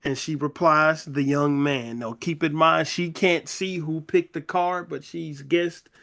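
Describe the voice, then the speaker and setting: Slow-talking man retelling a novel. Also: on the high side, fairly even intonation, gravelly, sharp tone. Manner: slow, conversational retelling with quoted dialogue read in plain voice. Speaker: book club podcast host. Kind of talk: reading and retelling a novel in casual chat.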